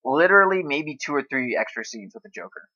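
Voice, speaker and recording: Bright-voiced man chatting casually. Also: a little high, fast. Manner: animated, swearing, acts out reactions in quotes. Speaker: podcast co-host. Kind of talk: casual chat about films. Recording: dull lo-fi sound.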